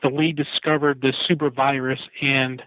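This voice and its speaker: A man's voice: medium pitch, level tone, moderate pace, no room sound. A man co-hosting a casual podcast, recapping at length with light laughs. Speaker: podcast co-host. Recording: tinny phone-line sound.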